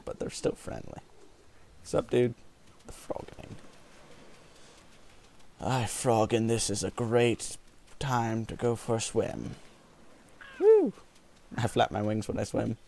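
A man giving jokey, rambling let's-play commentary on a video game, with sudden whoops and yells. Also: lowish voice, creaky. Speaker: gaming video host.

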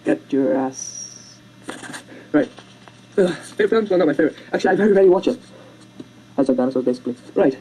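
Fast, rambling storyteller with a lively voice. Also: medium pitch, a little hiss or hum, low-quality recording. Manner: fast, rambling, self-mocking, stumbles over words; makes silly sound effects and character voices. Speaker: amateur video maker retelling a film over sketches. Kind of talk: casual rambling retelling.

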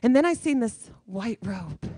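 A woman guest speaker preaches in church with emphatic, repeated phrases. Her voice sits fairly high. The sound is dry and close, with little room echo. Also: big pitch swings, unhurried, dark tone, husky. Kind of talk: sermon.

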